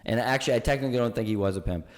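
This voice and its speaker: Animated male storyteller, casual chat. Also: medium pitch, rapid-fire, big-room sound. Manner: animated storyteller, acts out quoted voices. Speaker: podcast guest, local history storyteller.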